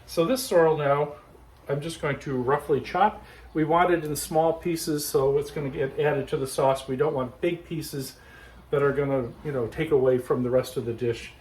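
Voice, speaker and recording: A man's voice: on the high side, normal speed, rough recording. Chatty man demonstrating a home recipe. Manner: relaxed, chatty, explains step by step. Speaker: home cooking host. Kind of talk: casual cooking demonstration. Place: backyard garden, then home kitchen.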